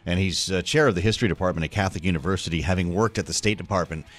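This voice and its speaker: A man hosting a radio interview podcast in a lively, friendly manner. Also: deep voice, rapid-fire.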